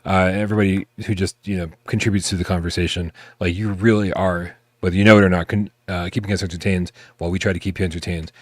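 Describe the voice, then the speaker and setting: A man with a low voice hosting a live podcast in relaxed casual chat. He sounds laid-back and swears freely, and his voice is dry and close with almost no room sound. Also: fast talker, hardly any pauses, no echo. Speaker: podcast host.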